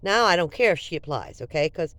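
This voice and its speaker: Animated woman in her seventies with a cold. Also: lowish voice, fairly quick, dry recording. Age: 70s. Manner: animated, acts out both sides of a conversation. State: has a cold, coughing. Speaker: vlogger. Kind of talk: casual storytelling.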